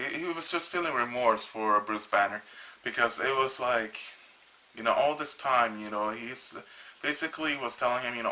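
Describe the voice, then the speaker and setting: A man casually retelling a comic book's story, rambling and halting with many restarts, a little tired. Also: mid-range voice, sharp tone, rough recording. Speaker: comic book reviewer.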